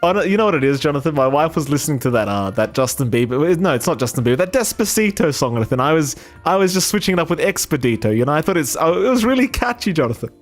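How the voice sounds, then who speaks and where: Rapid-fire male esports caster, jokey and rambling, faint music behind. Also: fairly high pitch, expressive. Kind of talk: esports casting and banter.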